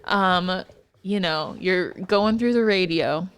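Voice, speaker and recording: A woman's voice: on the low side, slow, clean tone. A young woman co-hosting a podcast, bantering in a loose, joking and profane way. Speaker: podcast co-host. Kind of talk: casual chat.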